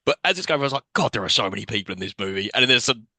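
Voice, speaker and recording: A man talks fast on a podcast, his voice bright and forward as he retells film scenes with incredulous, animated swearing. The sound is close and dry, with no room around it. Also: on the low side, dry recording. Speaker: podcast co-host. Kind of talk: casual film review chat.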